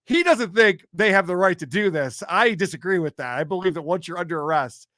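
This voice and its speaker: A male host gives joking, sarcastic commentary on police clips in a high, bright voice. The recording is dry and close. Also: animated, fairly quick, no echo. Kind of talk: casual commentary on police videos.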